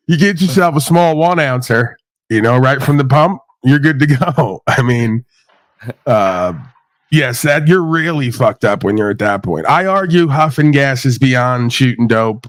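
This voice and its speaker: A man's voice: medium pitch, no echo. Man, livestream host, blunt and profane, laughs a lot, dry close sound. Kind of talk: casual livestream chat.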